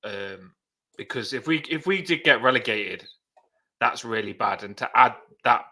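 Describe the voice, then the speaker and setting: A chatty man in his thirties co-hosting a live fan stream. His voice is bright and forward, and he tells stories with quick laughs. He sits at a middle pitch. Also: animated. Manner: chatty storyteller, laughs often. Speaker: fan channel co-host. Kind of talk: casual live chat.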